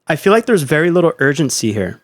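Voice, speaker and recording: Higher-voiced male podcast host, dry mic. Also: sing-song, fast talker, no room sound. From East Coast, United States. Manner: loose, rambling, swears freely. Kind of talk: casual podcast chat. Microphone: studio mic with headphones.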